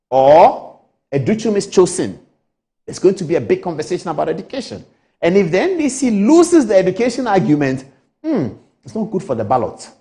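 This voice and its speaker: A man's voice: sits high, warm tone. A man hosting a TV current affairs show, giving political commentary in the studio with repetition and rhetorical questions.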